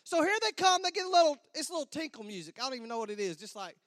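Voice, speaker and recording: A man telling a comic story to an audience in a large hall, animated, repeating words and acting out sound effects. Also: extremely high pitch, very fast, hardly any pauses. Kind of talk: stand-up storytelling to a church audience.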